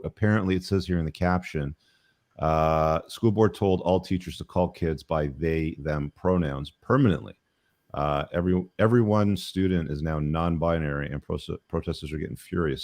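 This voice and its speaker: Very deep-voiced man hosting a chat. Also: moderate pace, no room sound, studio quality. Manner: relaxed, rambling with many fillers. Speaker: show host. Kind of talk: casual panel chat.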